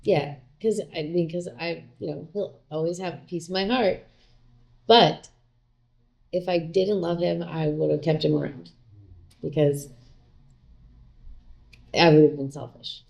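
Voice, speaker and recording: A middle-aged woman with a slightly low, gravelly voice tells a personal story as a guest in a relaxed interview. She talks chattily, with plenty of fillers, and acts out what people said. Her tone is warm and dark. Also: a little slow, long pauses. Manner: chatty, retells with quoted dialogue and many fillers.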